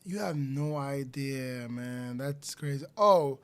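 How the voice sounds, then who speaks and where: A man's voice: mid-range voice, takes it slowly, smooth. A young man streaming live, reacting to music in a hyped, slangy way. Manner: hyped, slangy, loud outbursts and laughter.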